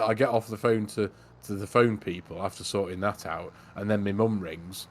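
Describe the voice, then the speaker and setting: A man's voice: fairly low pitch, steady tone, fairly quick, few pauses. A man chatting and telling self-deprecating stories while playing a farming game over a headset. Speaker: co-host of a farming game stream. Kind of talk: casual chat while gaming. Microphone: gaming headset.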